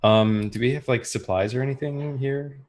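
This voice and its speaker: A man playing a tabletop game, hesitant with many fillers, then speeding up as he gets excited. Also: medium pitch, normal speed. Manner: hesitant, lots of ums, bursts of excitement. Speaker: player.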